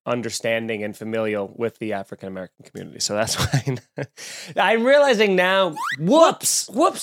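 A man's voice: high voice, a bit bright. A man with a Long Island accent hosting a casual comedy podcast, rambling and joking with frequent self-corrections. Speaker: podcast host.

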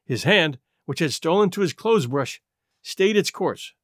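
Animated male audiobook narrator. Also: a little high, a little slow, no echo, studio quality. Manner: expressive, animated reading. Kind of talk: first-person audiobook narration.

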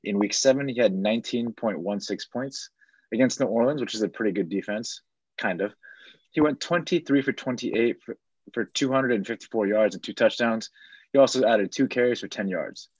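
A man's voice: lowish voice, moderate pace, husky, no room sound, lo-fi sound. A man on a casual sports podcast, running through fantasy football stats and waiver picks. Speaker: fantasy football segment host.

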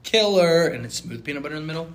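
Animated young man in casual chat. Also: fairly high pitch, rapid-fire, heavy background noise. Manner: animated, with sudden loud outbursts. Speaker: co-host.

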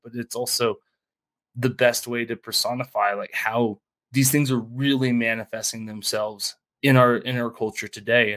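A man co-hosting a casual podcast, talking bluntly and profanely. He slips into mocking quoted voices and laughs easily. His pitch sits in an ordinary middle range. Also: a bit bright. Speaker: podcast co-host. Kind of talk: casual political podcast chat. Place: small mountain town home studio.

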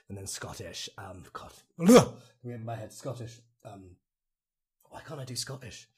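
A Welsh man, an actor guest, chatting casually on a podcast, rambling and animated, laughing often. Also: medium pitch, normal speed, husky. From Wales.

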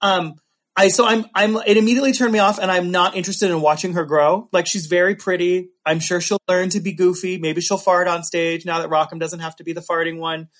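A man hosting a casual chat, animated and sarcastic, with quick asides. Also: high voice. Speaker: podcast host.

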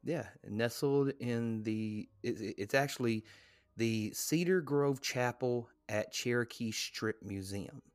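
A man's voice: mid-range voice, takes it slowly, no room sound. A man co-hosting a casual podcast, rambling and self-deprecating as he reads notes aloud and riffs on them. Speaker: podcast co-host.

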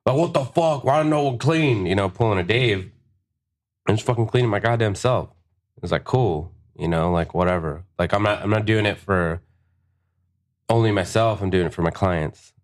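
A man in a casual podcast chat, telling a rowdy, profanity-laced story and acting out the quotes. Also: sits low. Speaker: podcast guest, tattoo artist. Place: tattoo shop podcast room.

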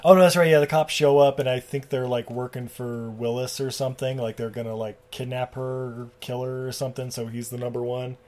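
A man's voice: mid-range voice, flat delivery, fairly quick, hardly any pauses, a little mellow. A man co-hosting a podcast, rambling casually and profanely through a film recap and laughing often. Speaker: podcast co-host.

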